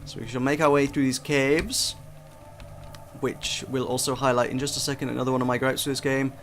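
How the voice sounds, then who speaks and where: A young game reviewer shares casual, chatty first impressions of a game, self-deprecating and often restarting his sentences. His mid-range voice is steady and brisk, with slight background noise.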